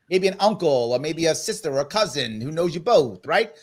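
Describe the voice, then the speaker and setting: With a high, sing-song voice and hardly any pauses, a man speaks fast as a political guest in an interview. His points come across emphatic and persuasive.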